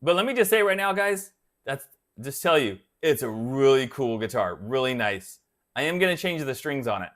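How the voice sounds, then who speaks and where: A man's voice: medium pitch, sing-song, normal speed, fairly bright tone. A man hosting a guitar channel, chatting casually on a live stream and rambling until he loses his thread.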